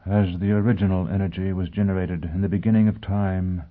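A man voicing a haughty older male tycoon who turns frantic and then drones in a monotone, in an audiobook reading. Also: low-pitched, fairly quick, lightly acted. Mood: droning. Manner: shifts from frantic to droning monotone. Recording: tinny phone-like audio.

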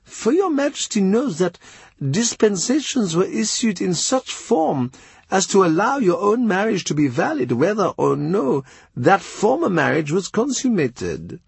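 A man's voice: high voice, very animated, measured pace, creaky, breathy edge, no room sound, voice pushed up, heavily acted. A man voicing an obsequious, hesitant male diplomat who starts with fillers. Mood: deferential.

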